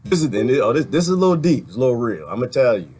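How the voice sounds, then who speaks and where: Animated, sarcastic ranting man. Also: mid-range voice, rapid-fire, breathy edge. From Washington, D.C. area, US. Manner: animated, sarcastic, laughs often. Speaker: video host reading viewer comments. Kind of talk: ranting livestream commentary.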